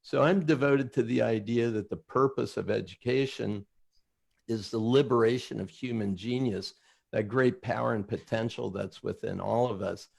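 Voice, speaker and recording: A man's voice: mid-range voice, moderate pace, gravelly, a little mellow, slightly rough. A middle-aged man, a talk show guest, speaking earnestly about a mission. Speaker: guest, education company founder.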